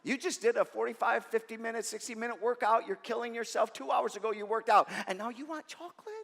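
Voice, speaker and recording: A man's voice: very high-pitched, quick pace, creaky, a bit bright, voice pushed up, heavily acted. A man voicing a nagging little inner voice that scolds him with incredulous questions. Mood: scolding.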